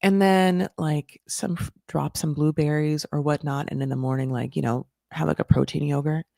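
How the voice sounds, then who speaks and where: A woman's voice: deep voice, steady tone, normal speed, creaky, mellow, no echo, clean studio sound. A woman hosting a casual reality-show recap, gossipy and sarcastic, swearing and filling her talk with "like".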